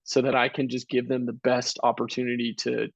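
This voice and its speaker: Earnest young coach on dull, dry audio. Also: male voice, medium pitch, monotone, fairly quick, vocal fry, no room sound. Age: about 30. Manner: earnest, fillers like "you know" and "like". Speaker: guest, college track coach. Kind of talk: casual interview answers.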